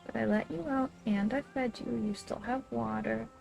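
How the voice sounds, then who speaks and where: A woman's voice: a little high, moderate pace, gravelly, a little mellow, faint music behind. A woman streamer chatting casually as she plays a game and talks to her pet between moves. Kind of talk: casual gameplay commentary.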